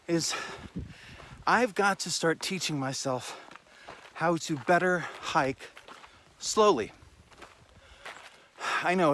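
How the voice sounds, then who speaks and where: A man's voice: on the high side, fairly bright tone, slight background noise. A tired, slightly winded man talking casually to his camera while hiking outdoors on a trail, rambling and self-deprecating, with the odd swear word. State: tired and out of breath. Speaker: hiking vlogger. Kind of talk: casual walking vlog. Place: outdoors on a desert mountain trail. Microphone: handheld camera while walking.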